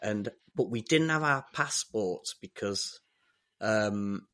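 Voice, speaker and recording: Man telling an animated story. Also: on the low side, slow pace. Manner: animated storyteller who acts out other people's lines. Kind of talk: casual storytelling chat.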